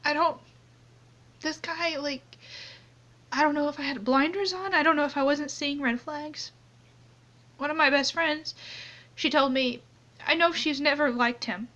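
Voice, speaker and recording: Young woman, anonymous confessional vlog, tearful and halting, high-pitched, dull lo-fi phone sound. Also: bright, forceful tone. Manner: halting, many restarts and trailing off. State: tearful, crying on and off. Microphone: phone camera close up, only a hand in frame.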